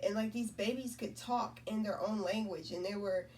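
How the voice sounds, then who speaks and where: In a mid-range, darkish voice at normal speed, a spiritual content creator gives a casual talk that meanders and repeats, regularly asking "right?" and "you know?". She's recorded from a distance with slight background noise.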